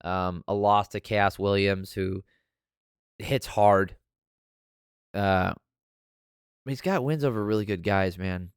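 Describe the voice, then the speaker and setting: A man's voice: on the low side, slow pace, pauses often, clean tone, no echo, studio quality. A young man hosting an MMA podcast, casually breaking down fights and flaring into profane rants. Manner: profane, flares up into loud rants.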